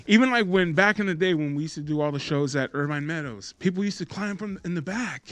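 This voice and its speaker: An animated man, co-hosting a podcast with emphatic, slangy casual chat. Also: a little high, fast, dry recording. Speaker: podcast co-host.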